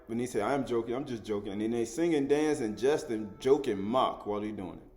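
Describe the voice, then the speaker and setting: A man's voice: mid-range voice, a little fast, a little mellow. A man giving an informal spoken Bible study, chuckling often, repeating words and asking the listener "right?" as he goes. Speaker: scripture teacher.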